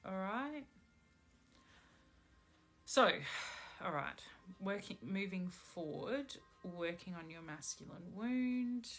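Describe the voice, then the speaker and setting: A pregnant woman giving a live-stream tarot reading, speaking in a slow, soothing, spiritual way. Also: mid-range voice, expressive, faint music behind. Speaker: tarot reader.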